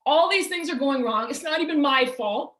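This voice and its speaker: A woman voicing an overwhelmed, stressed parent who complains loudly and sounds exasperated, in a roomy-sounding recording. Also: high-pitched, expressive, normal speed. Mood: whiny. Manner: whiny, exasperated, loud. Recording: roomy echo.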